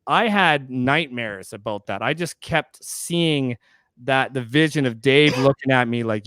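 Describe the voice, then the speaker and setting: A man's voice: mid-range voice, a little slow, fairly bright tone, no echo. A man from Canada co-hosting a podcast, telling a rambling story and acting out the quoted lines. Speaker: podcast co-host. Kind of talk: casual storytelling.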